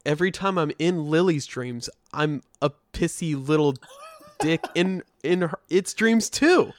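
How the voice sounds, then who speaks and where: A young man chats casually with a friend, his voice sitting a little above the usual male range. He trades quick, self-mocking jokes and laughs easily. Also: fairly high pitch, expressive. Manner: joking, laughs along, short reactions. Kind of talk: casual chat.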